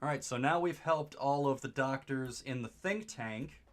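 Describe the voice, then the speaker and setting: Goofy young man streaming a game. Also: normal speed. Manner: goofy, rambling, jumps to excited high exclamations. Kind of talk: let's play commentary.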